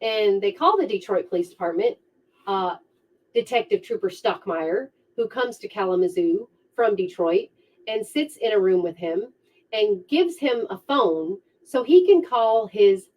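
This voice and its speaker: A woman vlogger telling a true crime story casually, with an animated, sarcastic manner, on a dull lo-fi recording. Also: mid-range voice. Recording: dull lo-fi sound.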